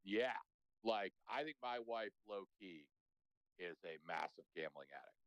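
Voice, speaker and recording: A man's voice: fairly low pitch, expressive, a little slow, dry recording. A man co-hosting a casual sports chat, telling rambling, profane stories. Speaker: podcast co-host. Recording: dull, lo-fi sound.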